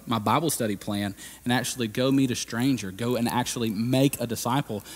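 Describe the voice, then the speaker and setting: Male pastor, mid-pitched, conversational sermon delivery with big emphatic climbs, long church-hall reverb. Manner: impassioned, rising to loud emphatic peaks and dropping to quiet; conversational preaching with casual fillers. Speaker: lead pastor. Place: church sanctuary.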